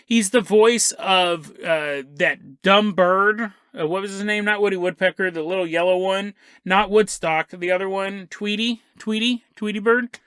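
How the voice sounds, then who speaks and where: Guy hosting a podcast, laughs a lot, goes off on tangents, bright voice, dry close mic. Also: high-pitched, a little slow, clean tone, no echo. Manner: jokey, laughs often, digresses. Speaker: podcast host. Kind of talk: comedic storytelling monologue.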